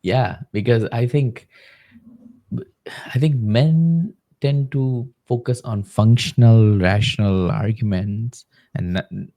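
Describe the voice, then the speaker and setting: A male podcast host with a low, gravelly, dark voice talks very slowly. He gives short reflective replies in a casual interview chat.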